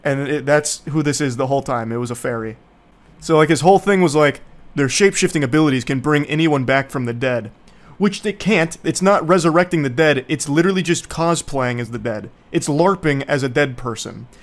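A man's voice: fairly high pitch, fairly quick. A young man giving casual, sarcastic movie commentary in a rambling, mocking way. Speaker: YouTube commentator.

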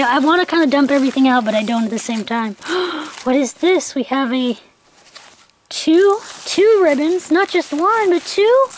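A young woman records an unboxing vlog with a bright, high voice. She gushes and gasps as she talks, often dropping to a quieter aside. A faint hiss of noise sits under the recording. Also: poor audio. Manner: gushing, breathless with excitement, many gasps; quiet aside voice while handling things. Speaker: vlogger.

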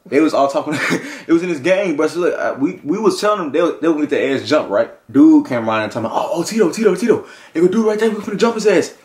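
A man's voice: on the high side, animated, fast talker, hardly any pauses, darkish tone. A young man in a comedy skit, telling a story and then bursting into profane, panicky outbursts. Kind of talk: acted horror comedy skit.

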